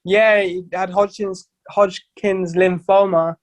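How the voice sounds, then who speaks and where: A young man talking in a raised, somewhat high register, rambling through stories with plenty of restarts and swearing. The recording is very dry and close, with no room sound at all. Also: little pitch movement, slow, no room sound. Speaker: band vocalist guest. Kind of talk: casual podcast chat.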